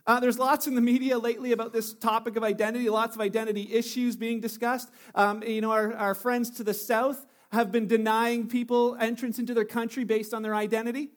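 A man's voice: very high-pitched, little pitch movement, a little fast, few pauses. A man giving a chatty sermon full of jokes and stories, with many fillers and restarts, from Canada. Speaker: pastor.

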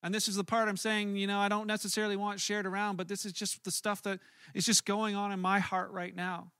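Bright, high-voiced man preaching. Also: flat delivery, fairly quick, clear, resonant tone, no echo, clean studio sound. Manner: earnest, conversational preaching with frequent restarts. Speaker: pastor. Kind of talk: sermon.

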